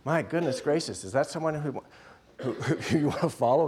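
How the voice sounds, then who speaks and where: A middle-aged man preaching a sermon in an animated way, acting out voices. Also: on the high side, normal speed.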